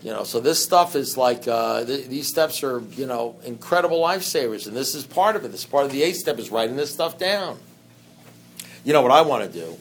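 A man's voice: animated, fairly quick, slight background noise. Rambling man giving a recovery talk. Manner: conversational and rambling, full of "you know" asides; swings between loud bursts and low, quiet stretches. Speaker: recovery meeting speaker. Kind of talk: personal recovery talk to an audience.

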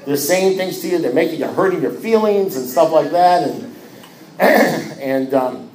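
Animated self-mocking male storyteller, echoey room. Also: a little high, unhurried, noisy background. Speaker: speaker sharing his recovery story. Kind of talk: personal testimony to a group.

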